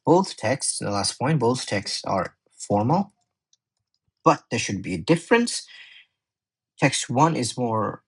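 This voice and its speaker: A man's voice: mid-range voice, sing-song, takes it slowly, gravelly, pauses often, breathy edge, poor audio. A man tutoring English in a casual exam walkthrough, chatty and often correcting himself as he thinks aloud.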